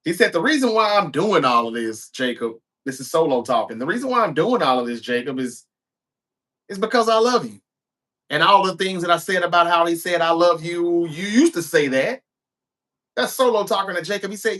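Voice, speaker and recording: A man's voice: sits high, a little fast, fairly bright tone. Man recapping wrestling, acting out lines. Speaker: show host.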